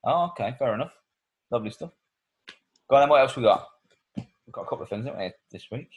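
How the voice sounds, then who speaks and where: A man's voice: mid-range voice, animated, fast. A man co-hosting a comedy podcast, laughing often and reacting eagerly. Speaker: podcast co-host. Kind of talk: jokey banter.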